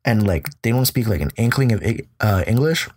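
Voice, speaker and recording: A man's voice: lowish voice, lively intonation, brisk, darkish tone, slightly rough. Tired young man swearing through a story. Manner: profane, rambling storyteller. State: tired from lack of sleep. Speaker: podcast host. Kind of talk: casual podcast chat.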